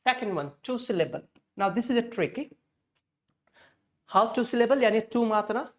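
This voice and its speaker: An English teacher leads a pronunciation lesson in class, walking through each step, adding Hindi glosses, and correcting himself along the way. His voice is very high, his intonation lively, and his pace moderate.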